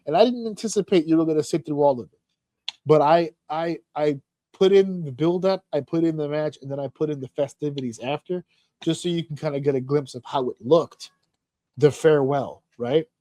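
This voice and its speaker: A man co-hosting a podcast, telling a story in casual chat with lots of swearing and animated excitement. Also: a little high, fairly quick, dry recording. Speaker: podcast co-host.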